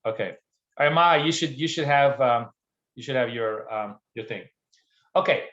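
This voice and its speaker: A man's voice: medium pitch, normal speed, fairly bright tone, echoey room, muffled recording. A man hosting a live trading stream, talking casually with many fillers and restarts and greeting viewers by name from the chat. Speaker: trading show host.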